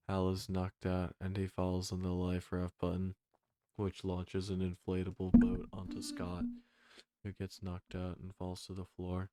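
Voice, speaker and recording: Deep, sleepy male narrator, droning comic script read, slow and dark. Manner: drowsy monotone.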